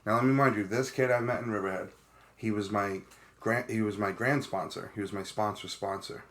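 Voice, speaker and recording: A man with a Long Island accent, speaking in a bright, forceful voice. He tells stories with animated energy and peppers them with "bro" and "dude" as he co-hosts a casual podcast chat. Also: lowish voice, a little fast. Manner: animated storyteller, says "bro" and "dude" often. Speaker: podcast co-host.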